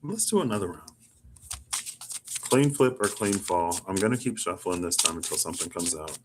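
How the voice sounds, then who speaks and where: Low-voiced guy doing his own tarot pull, chatty, wanders off on tangents. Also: animated, normal speed, noisy background. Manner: musing, rambling, chatty with filler "like". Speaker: tarot reader. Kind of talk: casual self tarot reading.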